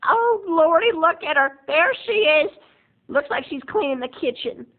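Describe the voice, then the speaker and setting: A man's voice: extremely high pitch, animated, measured pace, pitched above the performer's own voice. Man doing a nosy gossiping aunt. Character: gossiping nosy middle-aged aunts. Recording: tinny lo-fi phone-like sound.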